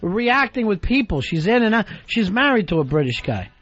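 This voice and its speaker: A man's voice: high voice, sing-song, normal speed, fairly bright tone. A man co-hosting a crude comic radio show, blunt and profane, laughing through his rants. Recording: slightly dull broadcast audio with faint music.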